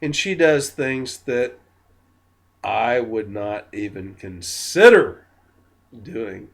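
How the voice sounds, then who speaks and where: A man who is drunk, talking in a slow, meandering, giggly way with many ums in a spiritual monologue to camera. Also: mid-range voice, gravelly. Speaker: spiritual vlogger.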